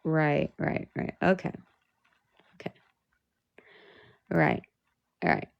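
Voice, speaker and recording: A woman's voice: deep voice, huge pitch swings, slow pace, gravelly, dull audio. A young woman venting on a live stream, her voice cracking near tears, swearing often and restarting her sentences. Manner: profane, repetitive, restarts sentences. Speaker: livestreamer.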